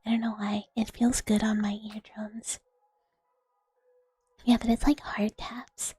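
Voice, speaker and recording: A woman streamer in whispered role-play as a mouse girl, breathy and playfully teasing, close on a binaural mic. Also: a little high, level tone, unhurried, dark tone, dry recording. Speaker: ASMR streamer. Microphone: binaural 3Dio microphone.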